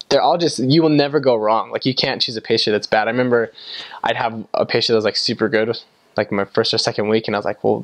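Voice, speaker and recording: A man's voice: medium pitch, no echo. A young man from the United States telling stories in a casual, chatty way, full of "like" fillers. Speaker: vlogger recalling time abroad. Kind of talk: casual storytelling to camera.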